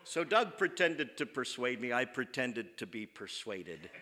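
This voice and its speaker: A man telling a funny personal story on stage, self-mocking and animated. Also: mid-range voice, measured pace, big-room sound, slight background noise. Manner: animated, self-mocking, acts out quoted voices. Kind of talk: comic live storytelling.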